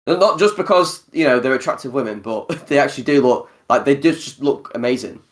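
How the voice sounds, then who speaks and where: A man hosting a relaxed podcast conversation at an ordinary middle pitch. He talks in an animated way and breaks into laughter often. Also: fairly quick. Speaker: podcast host. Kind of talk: casual podcast chat.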